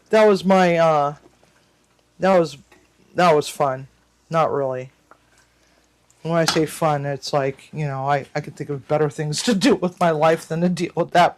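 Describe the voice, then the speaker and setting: A cooking channel host telling a long personal story to viewers in a casual, rambling way, with frequent restarts and mild cursing. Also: medium pitch.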